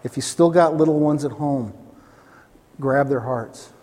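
A man preaching a sermon as a pastor, telling stories animatedly and acting out the voices in them, jumping up to excited highs. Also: a little slow. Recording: long hall reverb.

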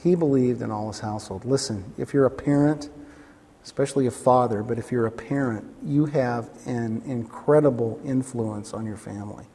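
A man preaching a sermon as a pastor, telling stories animatedly and acting out the voices in them, jumping up to excited highs. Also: moderate pace, breathy edge. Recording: long hall reverb.

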